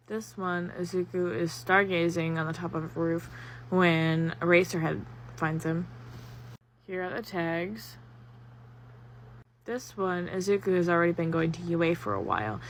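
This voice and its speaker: A woman's voice: on the low side, unhurried, pauses often, a little hiss or hum. A woman in a casual vlog, chattily recommending fan stories with lots of fillers and rambling asides. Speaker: fanfiction reviewer.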